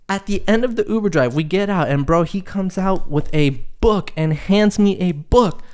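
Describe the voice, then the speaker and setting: A young man hosting a casual solo podcast, telling stories in an animated, profane, exasperated way. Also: sits high, moderate pace, few pauses. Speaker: podcast host.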